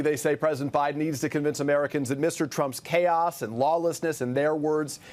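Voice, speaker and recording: A male political correspondent delivers a news report in a crisp, steady way. He slows down when he reads quotes aloud. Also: fairly high pitch.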